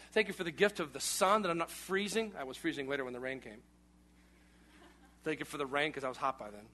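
A man in his thirties, a pastor preaching a lively, joking sermon in a conversational way. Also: sits high. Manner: animated, conversational preaching with jokes.

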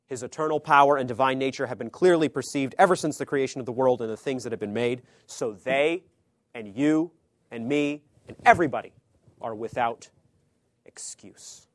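Man preaching with sudden hushed drops. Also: no room sound. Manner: swings between emphatic loud phrases and hushed low asides; conversational, checks in with "okay?". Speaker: pastor or Bible teacher. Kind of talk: sermon teaching.

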